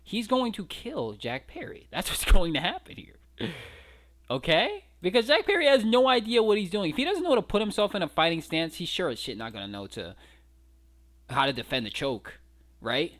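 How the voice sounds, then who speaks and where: A man's voice: high-pitched, very animated, normal speed, a bit bright. A man giving a casual, incredulous breakdown of fight footage, mocking and swearing freely. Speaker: wrestling commentary vlogger.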